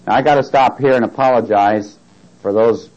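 A man's voice: medium pitch, normal speed, a little mellow. A man preaching a Bible study sermon, reading scripture aloud, joking and asking his congregation questions. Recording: dull lo-fi tape recording.

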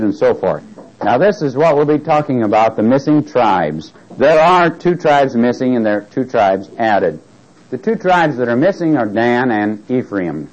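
A man's voice: mid-range voice, sing-song, normal speed, a little mellow. A man preaching a Bible study sermon, reading scripture aloud, joking and asking his congregation questions. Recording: dull lo-fi tape recording.

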